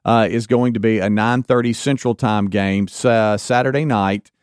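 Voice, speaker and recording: Loose radio host reading the schedule. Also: male voice, lowish voice, fairly even intonation, moderate pace, smooth, no room sound, clean studio sound. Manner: loose, filler-heavy, informal delivery. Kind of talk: radio program links and sports plug. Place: radio studio.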